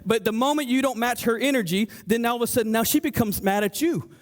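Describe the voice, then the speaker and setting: This very high-pitched, fast-talking male pastor preaches in a church sanctuary with lively animation. He plays out the voices of his story's characters, with many stammers and restarts along the way.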